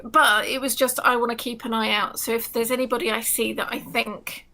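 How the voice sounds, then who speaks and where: A woman's voice: a little high, flat delivery, fairly quick, pushed and bright. A woman playing a tabletop game, dry and matter-of-fact. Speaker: player.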